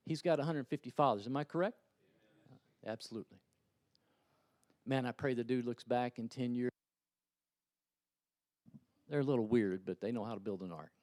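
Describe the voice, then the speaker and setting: A middle-aged man, a pastor, preaching a sermon in a church, swinging from loud, urgent appeals to quiet, conversational storytelling. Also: medium pitch, moderate pace, long pauses, dry recording, clean studio sound. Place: church sanctuary.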